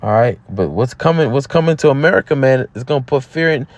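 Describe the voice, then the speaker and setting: A man's voice: mid-range voice, lively intonation, fast, dry recording. A man teaching from scripture in a loose street style, repeating words and dropping "man" at the ends of lines. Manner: casual, repeats words and says "man" often. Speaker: camp teacher.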